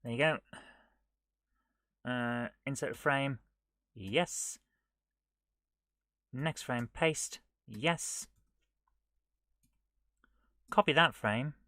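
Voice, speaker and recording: Male streamer, unhurried self-talk, close dry sound, drifts into mutters and scolds his tools. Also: mid-range voice, no room sound. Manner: muttering to himself while he works, often dropping to a near whisper; chatty and self-mocking, scolding the software. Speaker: streamer coding a retro game live. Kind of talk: live coding stream commentary.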